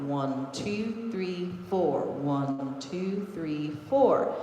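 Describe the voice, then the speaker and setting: A woman's voice: lowish voice, expressive, slow pace, darkish tone, a little hiss or hum. A woman teaching a belly dance class online, counting beats and cueing moves as she demonstrates. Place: large echoey dance studio. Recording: echoey studio with long reverb.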